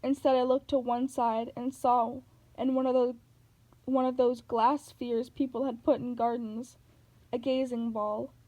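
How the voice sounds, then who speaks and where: Female narrator, novel read-aloud, warm tone, steady delivery. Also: a little high, a little slow, low-quality recording.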